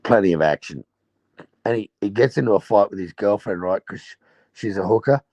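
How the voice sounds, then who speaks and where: Gravelly Australian man telling rowdy stories. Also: on the low side, fairly quick, warm tone, dry recording, dull audio. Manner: rowdy, profane storytelling, laughing at his own tales. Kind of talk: casual chat.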